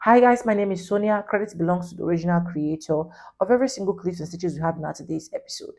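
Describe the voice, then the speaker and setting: A woman's voice: fairly low pitch, quick pace, dark tone. A woman hosting a reaction commentary video, talking in an emphatic, indignant way and repeating her points. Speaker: commentary vlogger.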